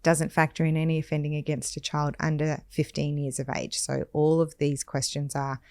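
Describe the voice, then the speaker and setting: Low-voiced woman citing statistics. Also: flat delivery, a little mellow, dry recording. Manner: reads statistics, measured and firm. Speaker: podcast host. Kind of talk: conversational podcast discussion.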